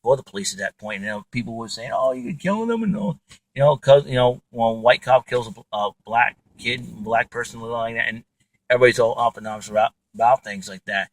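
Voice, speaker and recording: In a low-quality recording, a podcast host talks alone in a casual, rambling monologue, full of fillers and false starts. His voice is mid-range and fairly quick.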